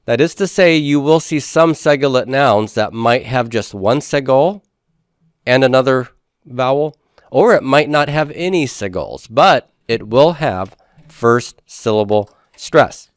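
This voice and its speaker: A man's voice: mid-range voice, animated, measured pace, dry recording, clean studio sound. A man teaching a Hebrew grammar class, explaining step by step and putting questions to the class before answering them himself. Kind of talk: classroom lecture.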